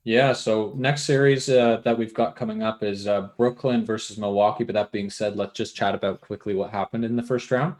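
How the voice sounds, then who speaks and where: A man's voice: lowish voice, fairly even intonation, brisk, few pauses, a little mellow. A man co-hosting a casual sports podcast, upbeat and jokey with playful asides. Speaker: podcast co-host.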